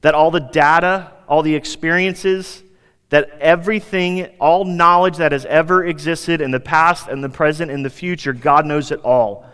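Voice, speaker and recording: A pastor preaching a sermon, animated, climbing higher for emphasis and dropping soft for quiet asides. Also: male voice, moderate pace, clean tone. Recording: long reverb of a hall.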